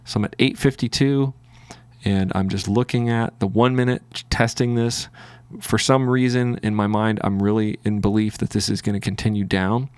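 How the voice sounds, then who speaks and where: A man's voice: on the low side, fairly even intonation, normal speed, darkish tone, smooth, no room sound, studio quality. A man with a Southern US accent, hosting a trading video and narrating his screen in a rambling way with many fillers. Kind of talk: casual screen-recording commentary.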